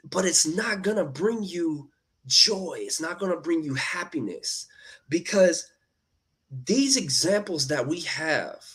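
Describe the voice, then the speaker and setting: Earnest man, lively preachy talk. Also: high-pitched. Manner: earnest, repetitive, addresses viewers as y'all. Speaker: motivational live streamer. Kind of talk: casual motivational talk.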